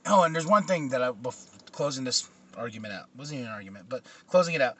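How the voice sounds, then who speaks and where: A man's voice: medium pitch, lively intonation, fast, pushed and bright. A man co-hosting a casual pop-culture chat, an enthusiastic fan who laughs easily. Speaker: podcast co-host.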